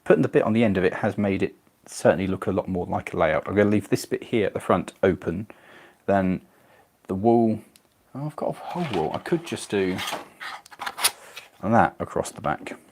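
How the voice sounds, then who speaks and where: A man's voice: low voice, animated, normal speed, pauses often, darkish tone, slightly rough. Chatty English man hosting a live stream. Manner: chatty, reads viewer comments aloud, self-deprecating. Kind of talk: casual live-stream chat while model building.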